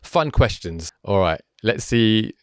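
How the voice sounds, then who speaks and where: A young man with a Birmingham accent hosts a podcast chat, his voice low and dry. He talks things through thoughtfully, with fillers and false starts. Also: animated, slow pace, no echo. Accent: Birmingham English. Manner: thoughtful, hesitant with fillers and restarts. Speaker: podcast host. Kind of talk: casual interview chat.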